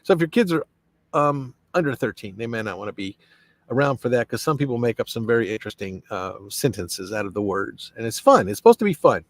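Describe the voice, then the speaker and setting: A man's voice: medium pitch, big pitch swings, fairly quick, dry recording. A man hosting a casual live stream, rambling in a friendly way as he reads viewer comments aloud and answers them. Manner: friendly, many fillers and restarts.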